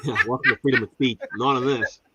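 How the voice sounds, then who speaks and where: Animated male storyteller in casual chat. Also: mid-range voice, fast, a loud crowd. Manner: animated storyteller, mimics voices.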